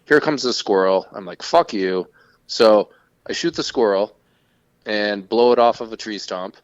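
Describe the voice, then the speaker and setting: A man co-hosting a podcast, telling a casual, profane story in an animated way. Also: fairly low pitch, moderate pace, no echo. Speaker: podcast co-host. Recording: dull lo-fi sound.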